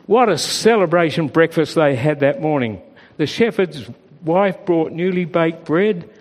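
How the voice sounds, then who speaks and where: A man reading a children's story aloud in an expressive storybook voice. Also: a little high, unhurried, hardly any pauses. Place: church. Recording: reverberant church hall.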